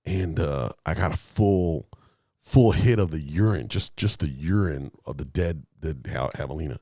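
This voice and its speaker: This podcast co-host's voice is extremely low and husky, at normal speed, with no room sound. He tells a story in an animated, casual, profane way, acting out the lines of the people involved.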